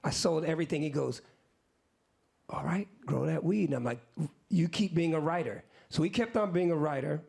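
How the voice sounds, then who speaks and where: On stage before an audience, a man in his fifties who is a musician guest tells a story in loose, slangy language. His voice is a little high and creaky with a breathy edge at normal speed, and he animatedly voices what others said in quotes.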